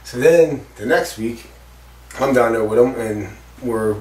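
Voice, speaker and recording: A man's voice: medium pitch, measured pace, a little mellow. A man telling a story in an interview, rambling and swearing freely, with lots of fillers. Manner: rambling, profane, full of fillers like "like" and "you know". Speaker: interviewee recounting a stunt accident. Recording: roomy echo, distant mic, faint background noise.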